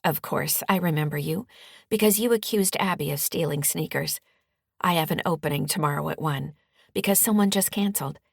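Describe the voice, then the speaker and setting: A woman voicing a calm, measured female counselor on the phone in an audiobook. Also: low voice, creaky, husky, dry recording, clean studio sound, heavily acted.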